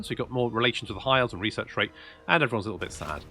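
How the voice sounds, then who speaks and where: A man's voice: lowish voice, very fast, sharp tone, faint music behind. A man commentating his own strategy game play, thinking aloud and muttering asides as he goes. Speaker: gameplay commentator.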